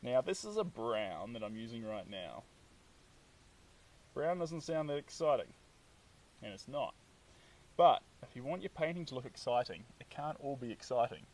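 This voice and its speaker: A man's voice: mid-range voice, big pitch swings, moderate pace, long pauses, a little mellow, recorded from a distance, rough recording. A man with a New Zealand accent chatting upbeat and casually while painting on a live stream, reading out viewer comments.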